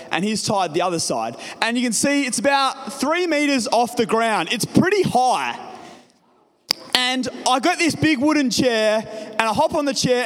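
High-voiced man preaching in a hall. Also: a bit bright. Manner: casual storytelling, addresses the congregation directly. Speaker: pastor. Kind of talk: sermon with personal story. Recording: reverberant hall.

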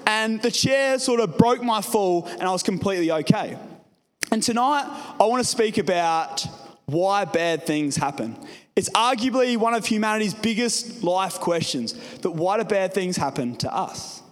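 A man's voice: high voice, lively intonation, moderate pace. A young man preaching a sermon to his congregation, telling a personal story in a casual way. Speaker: pastor. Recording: reverberant hall.

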